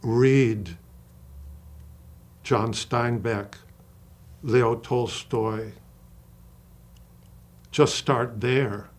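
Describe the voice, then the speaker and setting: An older man, an acting coach, talking in an interview with passion and slowing down to stress single words. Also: mid-range voice, steady tone. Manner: passionate, emphatic storyteller who acts out quoted dialogue. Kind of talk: interview conversation.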